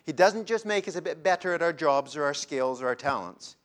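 A man preaching a sermon in a dramatic way, swinging between loud emphasis and hushed, drawn-out phrases. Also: on the high side, expressive.

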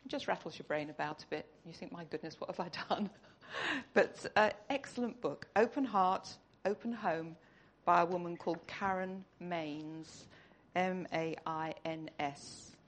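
A woman's voice: lowish voice, measured pace. A woman giving an earnest, conversational sermon in church. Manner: earnest, conversational, tearful at the close. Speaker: church speaker.

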